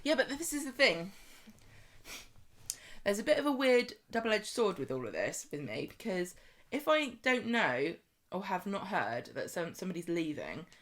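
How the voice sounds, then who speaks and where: A woman's voice: medium pitch, sing-song, moderate pace, a bit bright. Chatty, rambling woman podcast co-host. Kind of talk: casual chat.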